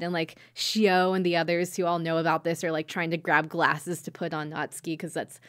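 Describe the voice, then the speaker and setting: A woman's voice: low voice, level tone, a little fast, few pauses. A woman hosting a podcast, loosely recapping an anime episode, swearing freely and laughing between sentences. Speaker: podcast host. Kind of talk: casual anime recap chat.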